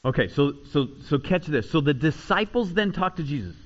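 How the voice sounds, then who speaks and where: Pastor, male, highish voice, animated preaching, muffled lo-fi recording. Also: normal speed. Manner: animated preaching, rising loud on acted cries, dropping low and quiet for asides. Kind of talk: sermon.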